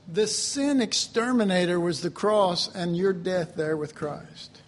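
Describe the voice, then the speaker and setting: A man preaching a sermon in an animated way, laughing often and bursting into loud shouts. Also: high-pitched.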